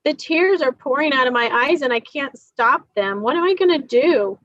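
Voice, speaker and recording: A woman reading aloud in the voice of a frightened nine-year-old girl, quietly and plainly. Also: high voice, expressive, moderate pace, no room sound. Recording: dull dry recording.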